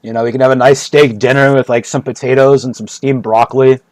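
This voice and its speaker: A man talks casually on a stream in a rambling, joking way. He loops back over his own phrases, swears freely and keeps laughing at his own ideas. His voice sits at a middle pitch and sounds close and dry, with no room echo. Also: little pitch movement, fast talker. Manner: joking, rambling, repeats himself, laughs often; profane.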